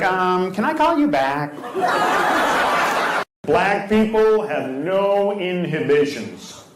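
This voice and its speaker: A man doing a stand-up routine and teasing the audience, delivering punchlines deadpan on a comedy club stage with a handheld mic. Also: a little high. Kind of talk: stand-up routine with crowd work. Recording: roomy club with loud audience laughter.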